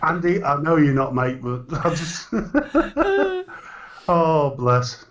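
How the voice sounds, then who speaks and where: A man's voice: fairly high pitch, very animated, extremely slow. A man with a British accent co-hosting a casual live-show chat, joking around and reading out viewer comments. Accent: British English. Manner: jokey, reads viewer comments aloud, laughs easily. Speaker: co-host.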